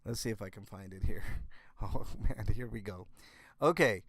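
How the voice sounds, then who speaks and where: A man hosting a casual livestream from home, talking with his viewers in a halting way and often restarting his sentences. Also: fairly low pitch, a bit bright, dry recording, clean studio sound. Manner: halting, restarts and repeats words. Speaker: livestream host. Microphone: computer setup.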